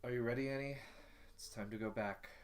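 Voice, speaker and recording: A man's voice: mid-range voice, fairly even intonation, a little fast. A man talking as a player in a tabletop role-playing game, hesitant and full of fillers. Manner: hesitant, lots of fillers and restarts. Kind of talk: casual tabletop role-play.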